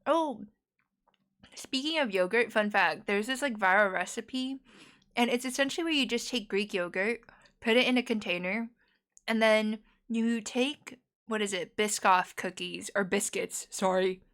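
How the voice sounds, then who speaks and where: A woman's voice: medium pitch, unhurried, a bit bright. A young American woman streamer in casual chat, chatty and giggly, rambling on. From United States.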